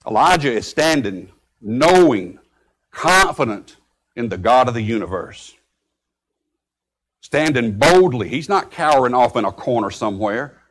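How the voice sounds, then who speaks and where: Man preaching with loud bursts. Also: mid-range voice, big pitch swings, measured pace, pauses often. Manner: preaching with sudden loud outbursts when quoting. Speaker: pastor. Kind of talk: sermon.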